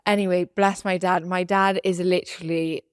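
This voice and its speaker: A young woman co-hosting a podcast, telling a personal story in casual chat, animated and laughing as she acts out quotes. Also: fairly low pitch, moderate pace, clear, resonant tone, dry recording, clean studio sound. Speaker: podcast co-host.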